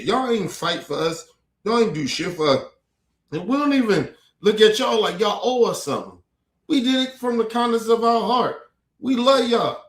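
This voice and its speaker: Fired-up man, profane rant. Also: high voice. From United States. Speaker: streamer. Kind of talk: heated commentary rant. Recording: roomy echo.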